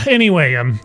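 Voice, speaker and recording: A man's voice: medium pitch, vocal fry, husky. A man hosting a livestream, reading an article aloud and mocking it with sarcastic asides. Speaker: streamer host.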